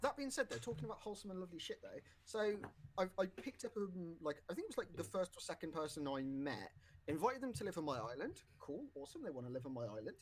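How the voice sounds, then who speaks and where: A man's voice: high voice, big pitch swings, fast talker, a little hiss or hum. Rambling man chatting on a podcast. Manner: rambling, many fillers and restarts. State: has the hiccups. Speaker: podcast co-host. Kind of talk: casual podcast chat.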